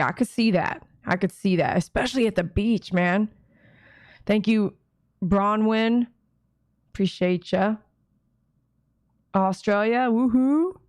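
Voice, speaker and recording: A woman's voice: mid-range voice, slow, pauses often, darkish tone, no room sound, clean studio sound. A woman dog groomer hosting a casual live watch party, chatting with viewers and reading their comments aloud. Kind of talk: casual live-stream chat.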